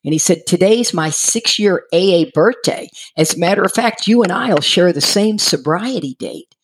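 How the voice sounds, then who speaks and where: Animated middle-aged woman telling her story. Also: fairly low pitch, normal speed, slightly rough. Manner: animated, acts out quoted voices, laughs while telling. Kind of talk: casual storytelling.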